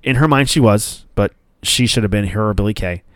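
A man's voice: fairly low pitch, a little fast, fairly bright tone, clean tone, no echo, studio quality. Profane, rambling male podcast host. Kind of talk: casual ranting commentary.

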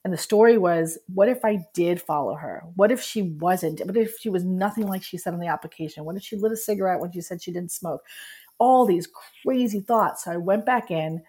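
A woman's voice: on the low side, a little fast, breathy edge. Candid woman telling a personal story. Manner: candid, animated, laughs while telling. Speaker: guest, writer.

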